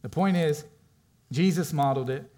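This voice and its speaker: A man preaching a sermon as pastor, animated and acting out quoted voices, moving between loud stretches and hushed ones. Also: a little high, moderate pace.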